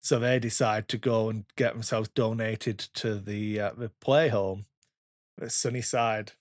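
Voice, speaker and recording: A man's voice: fairly low pitch, fairly even intonation, measured pace, no echo, clean studio sound. A man in his thirties co-hosting a podcast, telling rambling stories and swearing freely in casual chat. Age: 30s. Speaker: podcast co-host.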